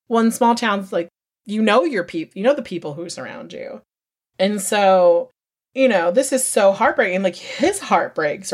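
A woman hosting a podcast, recapping a true-crime story in a heated, profane, emphatic way. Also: mid-range voice. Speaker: podcast host.

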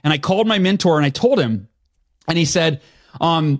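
A man's voice: a little high, quick pace. A man in his forties, a podcast guest, telling a story with energy and acting out what he said to himself back then. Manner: animated storyteller, acts out his own past voice.

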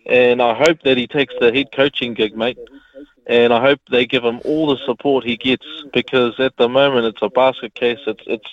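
A man with a New Zealand accent ringing talkback radio, frustrated and saying "mate" a lot. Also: medium pitch. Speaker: caller. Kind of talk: phoned-in talkback rant. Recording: dull lo-fi phone audio.

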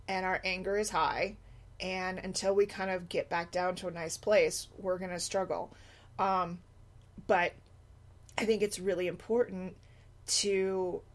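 A middle-aged woman, a single mother, talking casually in a rambling monologue, often slipping into quoted voices. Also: medium pitch. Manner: chatty, animated asides and quoted voices. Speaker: blogger, single mom.

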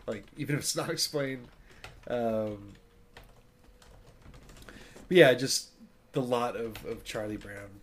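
A man in a casual podcast chat who talks hesitantly, with many fillers and restarts, chuckling as he goes. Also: mid-range voice. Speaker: podcast co-host.

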